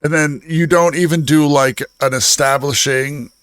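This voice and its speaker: A man's voice: a little high, steady tone, a little slow, a bit bright, clean tone, dry recording. A man co-hosting a casual livestream podcast, riffing and laughing with his co-hosts and chat. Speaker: podcast co-host.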